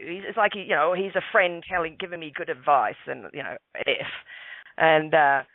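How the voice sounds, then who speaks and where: A man's voice: fairly high pitch, quick pace, vocal fry, dry recording. Male guest, hesitant storyteller, tinny dry Skype audio. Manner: hesitant, restarts often, says mate. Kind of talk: storytelling on a radio call-in. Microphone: Skype call.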